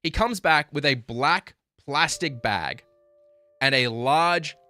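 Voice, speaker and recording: Australian male streamer, bright forceful voice, crude animated storytelling, soft music underneath. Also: fairly high pitch, slow pace. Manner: animated, crude, self-mocking. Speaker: livestreamer. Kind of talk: casual storytelling to stream chat.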